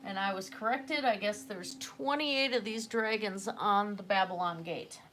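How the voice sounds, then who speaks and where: While painting on a livestream, a woman chats casually, rambling with fillers and correcting herself. Her medium-pitched voice has a fairly bright tone, she speaks a little slowly, and there is slight background noise.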